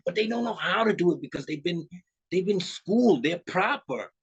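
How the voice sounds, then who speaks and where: Animated husky man guest. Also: high-pitched, normal speed, muffled recording. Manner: animated, acts out characters mid-talk; emphatic, street-style talk. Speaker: musician guest. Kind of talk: casual interview chat.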